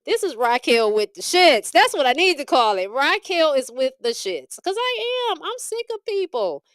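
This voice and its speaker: A woman tarot reader and medium on a livestream, talking bluntly and profanely in an animated rant, laughing often. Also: high-pitched, normal speed, no room sound, clean studio sound. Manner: frequent laughter.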